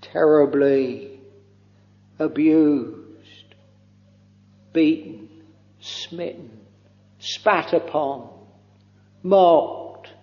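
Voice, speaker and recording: A man preaching a devotional sermon, very slow and halting, with long pauses and soft trailing phrases. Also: a little high. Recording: dull lo-fi recording with long hall reverb.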